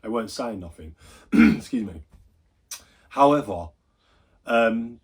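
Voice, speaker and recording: Husky chatty man telling a story. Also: on the low side, animated, slow. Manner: chatty, swears freely, rambling asides. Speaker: gaming YouTuber. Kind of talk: casual storytelling vlog.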